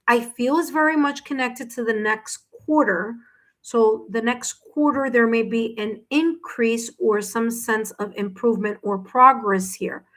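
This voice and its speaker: Slow, reassuring woman tarot reader. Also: fairly high pitch, fairly bright tone, poor audio. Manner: soothing, reassuring, unhurried, addresses viewer directly. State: hiccuping. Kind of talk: paid live-stream tarot reading.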